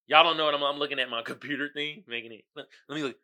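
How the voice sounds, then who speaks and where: A man's voice: on the high side, steady tone, racing, pushed and bright. A man hosting a podcast in casual comedic chat, laid-back and slangy, laughing often and calling his listeners y'all. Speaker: podcast host.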